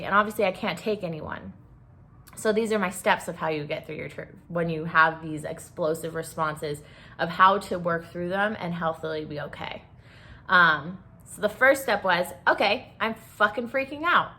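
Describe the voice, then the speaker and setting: A woman's voice: medium pitch, bright, forceful tone. A woman hosting a solo podcast, talking candidly about grief in a blunt, profane, impassioned way. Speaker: podcast host.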